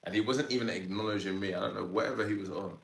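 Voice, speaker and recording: A man in his thirties, a podcast guest, telling a story in an animated, slangy way with lots of fillers. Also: lowish voice, racing, creaky, roomy sound, low-quality recording. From Sudan, raised in Ireland. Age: 30s. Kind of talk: casual storytelling interview.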